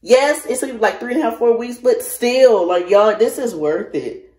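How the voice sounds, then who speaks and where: A woman chatting casually to camera in a beauty vlog, animated and talky, calling her viewers y'all. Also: a little high, a little slow. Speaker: beauty vlogger. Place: bathroom at home. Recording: echoey bathroom.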